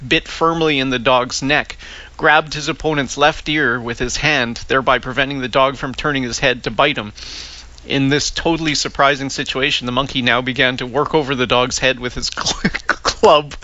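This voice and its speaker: A man hosting a casual podcast chat, reading aloud with lively amusement. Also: medium pitch, highs cut off. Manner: animated, laughs while reading. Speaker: podcast host.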